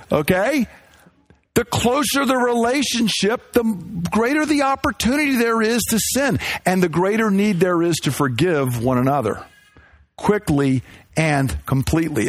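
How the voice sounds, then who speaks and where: High-voiced man preaching conversationally. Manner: conversational, self-deprecating, rhetorical questions. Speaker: pastor. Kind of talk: sermon.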